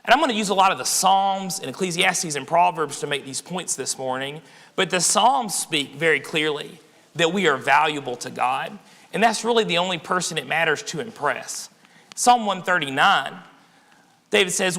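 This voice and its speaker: Man preaching, high-pitched, gravelly, bright edge, long church reverb. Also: animated, normal speed. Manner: conversational preaching, often asking the congregation "right?". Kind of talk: sermon. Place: church sanctuary.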